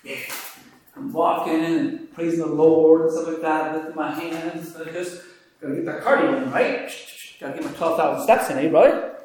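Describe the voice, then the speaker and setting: A man preaching a sermon who swings between hushed, quiet pleading and loud, excited storytelling. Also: a little high. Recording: very echoey room, faint noise.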